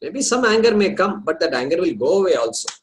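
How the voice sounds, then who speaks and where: A man teaching a scripture study class, explaining terms slowly and repeating them, with some hesitant pauses as he talks to his students. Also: high-pitched, sing-song, low-quality recording.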